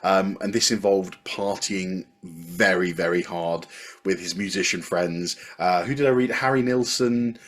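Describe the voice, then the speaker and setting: A man's voice: low-pitched, a little slow, a bit bright. A man co-hosting a music podcast in casual chat, telling anecdotes from his notes with lots of restarts. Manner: anecdotal, reads from notes, chatty with frequent fillers and restarts. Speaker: podcast co-host.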